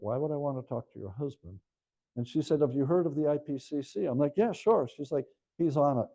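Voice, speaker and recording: A man's voice: medium pitch, warm tone, low-quality recording. An older man giving a lecture about his book to a live audience, telling stories with chatty asides to the listeners. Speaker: author giving a book talk.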